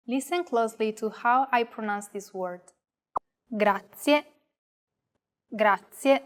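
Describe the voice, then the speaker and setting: A woman co-hosting a language lesson, modeling words with slow, careful enunciation. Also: on the high side. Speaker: co-host, native pronunciation model.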